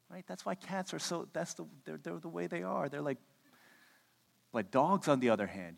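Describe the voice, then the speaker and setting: A man in his thirties preaching a sermon, telling stories and acting out the quotes with lively energy. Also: medium pitch, unhurried, vocal fry. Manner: animated storytelling, acts out quotes. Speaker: pastor. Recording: echoey hall reverb.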